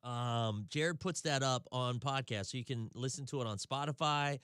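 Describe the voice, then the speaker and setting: A man's voice: medium pitch, moderate pace, fairly bright tone, clean tone, no echo, studio quality. A man with a Southern accent hosting a radio show, chatting loosely and laughing easily between stories. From Tennessee, US. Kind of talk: casual radio chat. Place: radio studio.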